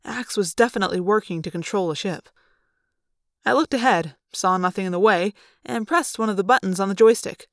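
A woman narrating a novel in first person with a plain, even telling. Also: mid-range voice, brisk, no echo, studio quality. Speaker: audiobook narrator. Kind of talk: storybook narration.

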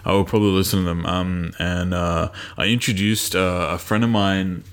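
A man co-hosting a casual podcast, halting and full of restarts and ums. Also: deep voice, steady tone, clear, resonant tone. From Australia. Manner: hesitant, many restarts and ums. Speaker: podcast co-host. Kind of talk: casual chat.

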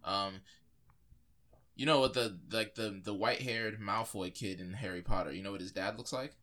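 Speaking at a normal pace, a man with a lowish, pushed, bright voice rambles about movies as a podcast co-host. Fillers crowd his speech, and he frequently starts sentences over.

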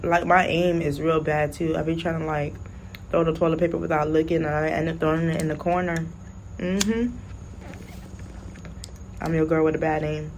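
A young woman tells a casual storytime. She is blunt and animated, her voice sits fairly low, and there is a faint hiss of noise behind her. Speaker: vlogger.

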